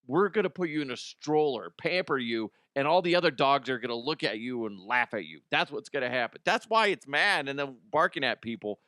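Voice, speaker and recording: A man's voice: medium pitch, expressive, fairly quick, hardly any pauses, pushed and bright, no room sound, studio quality. A man hosting a comedy show, ranting casually in an exasperated way and swearing freely. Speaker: comedy podcast host.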